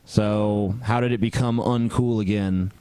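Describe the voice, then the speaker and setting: A man hosting a podcast, pushing back bluntly in casual debate. His voice sits low and the sound is dry and close. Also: steady tone, measured pace, dark tone, clean tone, no room sound. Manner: blunt, argumentative. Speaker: podcast host.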